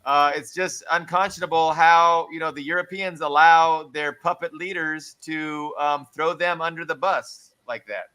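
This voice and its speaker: High, bright-voiced man on a rant. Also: steady tone, normal speed, few pauses. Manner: earnest, full of fillers. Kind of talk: casual political rant.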